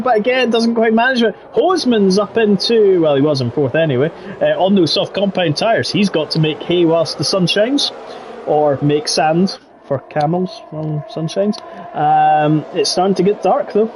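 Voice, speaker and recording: A man giving jokey, excitable live commentary on an online racing league. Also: high-pitched, moderate pace, slight background noise. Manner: jokey, excitable, laughs between calls. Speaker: race commentator.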